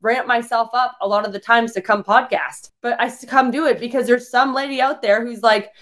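A woman fitness coach hosting a live-streamed podcast, speaking in a casual motivational style, blunt and energetic, swearing freely and using lots of fillers. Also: fairly quick. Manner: voices the listener's complaints in a higher pitch.

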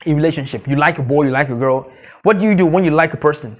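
Male pastor, high voice, emphatic sermon with repeated refrains, muffled low-fidelity recording. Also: fast. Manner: emphatic, repeats key phrases, asks the congregation questions; acts out gossip in a mocking squeaky voice.

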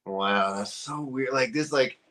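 A man from Canada in his thirties, a guest on a podcast, telling stories in a lively, animated way and acting out the people he quotes. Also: mid-range voice, a little slow. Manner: animated storyteller, acts out quoted voices. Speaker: podcast guest, sports YouTuber. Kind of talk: casual chat.

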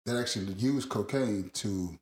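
A man's voice: fairly low pitch, normal speed, roomy sound. A man telling a long rambling story in casual podcast chat, laughing often and swearing freely. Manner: rambling, laughing, profane, animated.

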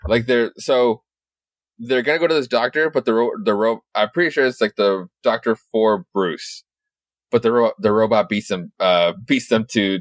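A man co-hosting a podcast, excitedly recapping a comic in a rambling, casual way with lots of swearing. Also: lowish voice, no echo. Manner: excited, rambling, swears a lot, many restarts. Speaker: podcast co-host.

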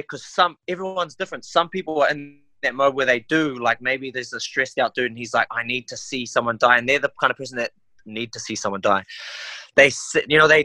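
A young man with a New Zealand accent, a fighter talking in a casual podcast interview, animated and slangy. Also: medium pitch, no echo. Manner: animated, slangy, says "bro" and "eh". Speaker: MMA fighter guest.

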